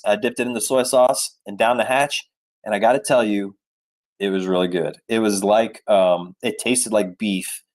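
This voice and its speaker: A middle-aged man with a fairly low voice spins a chatty story to his live chat. He wanders through asides and fillers and talks casually into a desk mic. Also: a little mellow. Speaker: travel vlogger.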